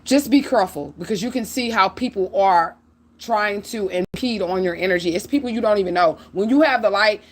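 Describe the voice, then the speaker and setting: A middle-aged woman tells a story on her livestream. She talks in a casual, animated and profane way and speaks straight to her viewers. Her voice sits at an ordinary pitch for a woman. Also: fairly quick. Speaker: livestream host.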